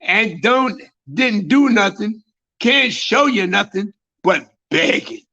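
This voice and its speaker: A man preaching as a high priest, repeating phrases and building to shouts, on a dull lo-fi recording. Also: lively intonation, takes it slowly. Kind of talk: sermon.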